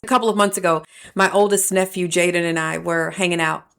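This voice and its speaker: Speaking fairly quickly in a gravelly, lowish voice, a woman offers a reflective podcast monologue. She recounts personal stories, puts on animated voices to quote people, and sounds like a professor sharing lessons with her audience.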